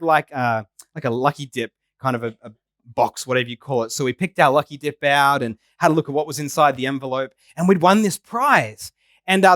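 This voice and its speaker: Australian male pastor, 30s, chatty and self-mocking sermon delivery, higher-pitched voice, dry close sound. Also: fairly bright tone, dry recording. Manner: conversational, self-deprecating, asks the congregation questions. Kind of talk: sermon with personal story. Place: church.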